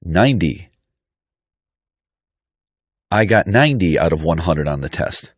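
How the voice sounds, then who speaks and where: Man, very deep voice, lively pitch, slow deliberate drill reading. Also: no room sound. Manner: deliberate, clearly articulated reading. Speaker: pronunciation teacher.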